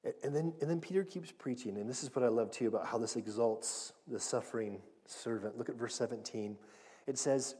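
A man's voice: mid-range voice, animated, a little fast, mellow, slightly rough. Earnest male pastor in reverberant hall. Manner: earnest, direct, often restarts and repeats words. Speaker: pastor teaching a Bible passage. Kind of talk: conversational sermon.

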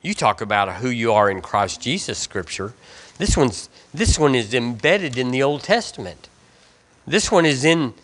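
A man's voice: medium pitch, sing-song, normal speed, a bit bright. A male pastor with a Southern US accent preaching a sermon in a church, reading scripture aloud and leading the congregation to repeat lines after him, with emphatic repeated phrases. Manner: preaching with call-and-response and rising emphatic repetitions. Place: church sanctuary.

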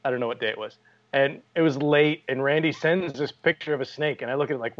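A man's voice: fairly high pitch, brisk, lo-fi sound. A man co-hosting a podcast in casual chat, joking and telling stories. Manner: jokey, storytelling, laughs often. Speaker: podcast co-host.

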